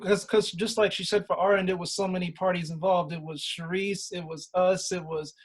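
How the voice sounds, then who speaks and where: A man speaking as a first-time home buyer guest in casual conversation, halting and restarting as he lists things. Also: sits high, little pitch movement, slightly rough.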